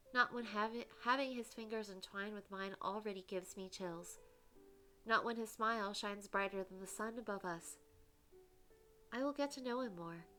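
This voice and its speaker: A woman's voice: medium pitch, pushed and bright. A woman reading a dating game aloud as the heroine, breaking off to gush and comment between lines. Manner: gushing, giggly asides between narration.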